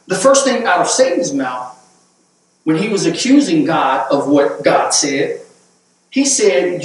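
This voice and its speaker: Slow high-voiced preacher in an echoey church. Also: male voice, big pitch swings. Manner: repeats words, rising to emphatic peaks. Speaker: pastor. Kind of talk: sermon. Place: church sanctuary. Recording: echoey church hall, mic at a distance.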